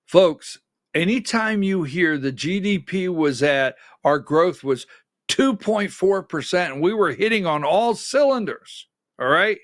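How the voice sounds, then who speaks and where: A man's voice: sits high, lively intonation, unhurried, no room sound, studio quality. A man hosting a conservative political talk show, giving sarcastic, emphatic commentary and calling directions to his producer.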